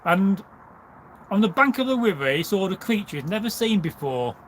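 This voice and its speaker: Guy telling a fox story off the cuff on a stream, lots of asides, kinda high voice. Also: sing-song, moderate pace, a little hiss or hum. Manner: rambling, full of asides and "you know" fillers. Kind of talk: casual spoken storytelling on a livestream.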